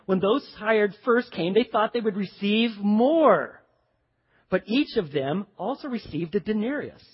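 A man preaching a sermon, telling a parable with animated storytelling and acting out the characters' voices. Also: high voice, breathy edge. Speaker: pastor. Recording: dull echoey hall.

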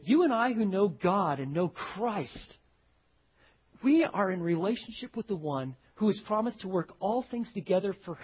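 A male pastor delivers a sermon in a high, slightly husky voice. He moves from quiet, low-key stretches to loud, dramatic readings of quotes. The recording sounds dull and lo-fi. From Texas. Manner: dramatic swings from hushed to loud, acts out quotes.

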